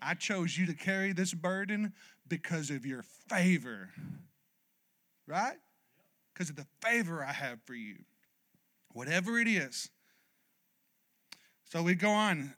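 Male pastor, emphatic sermon, high and very bright voice. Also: animated, measured pace, long pauses. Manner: emphatic, calls for "amen" from the congregation; builds to loud, passionate exhortation.

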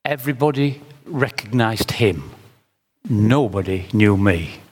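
A middle-aged man preaching a sermon with impassioned, emphatic runs that climb in pitch. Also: animated, takes it slowly, a little mellow, breathy edge, long reverb tail.

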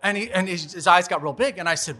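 Man, 40s, live storyteller on a stage mic; high, bright, chatty, laughs as he goes. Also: quick pace. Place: live storytelling show at a bar venue.

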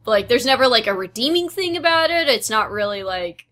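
A woman co-hosting a casual podcast about a film, chatty and halting, with restarts. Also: a little high, expressive, bright, forceful tone. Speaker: podcast co-host.

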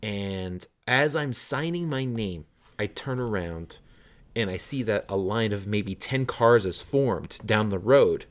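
Casual male podcast host, lowish voice, lively storyteller who acts out the people he quotes. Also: slow pace.

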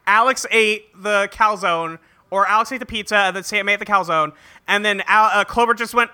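A woman co-hosting a casual podcast, recapping a show with loud exclamations and mock outrage. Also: mid-range voice, moderate pace. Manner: exclaiming, swearing, dramatic outrage. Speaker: podcast co-host.

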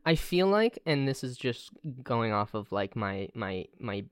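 A woman co-hosting a podcast in casual chat, joking and crude with quick asides. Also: very deep voice, big pitch swings, no echo, clean studio sound. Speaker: podcast co-host.

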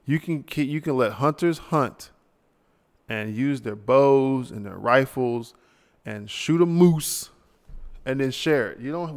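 A man with a medium-pitched, creaky voice and clean tone hosts a solo podcast, his sound echoing as if in a big room. Tired and late at night, he rants casually, tossing in mock voices.

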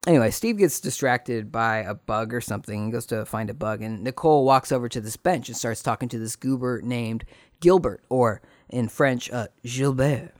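Brief: man hosting a casual solo podcast, rambling, animated, lively storyteller, dry close sound. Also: mid-range voice, moderate pace, no room sound. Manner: rambling, animated retelling with voices for quotes. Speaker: podcast host.

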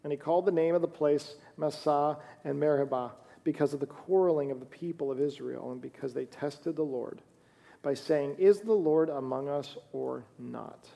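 A man's voice: on the high side, fairly even intonation, normal speed, creaky, mellow. A man preaching a sermon in a conversational way, reading scripture aloud as he goes. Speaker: pastor.

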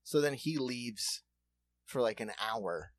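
A man telling a long story on a podcast in a lively, animated way, acting out other people's voices and laughing often. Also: mid-range voice, takes it slowly, no room sound. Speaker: podcast co-host. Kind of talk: casual storytelling chat.

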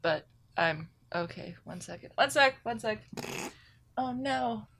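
A woman from Ohio co-hosting a podcast, laughing easily and talking crudely. Her voice sits a bit high and moves all over the place. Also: slow, gravelly. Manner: giggly, crude, animated. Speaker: podcast co-host. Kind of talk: casual chat.

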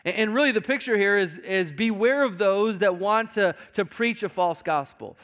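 A man's voice: sits high, normal speed, fairly bright tone. A male pastor preaching a sermon to his congregation, emphatic, with frequent repetitions and stammered restarts. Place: church sanctuary.

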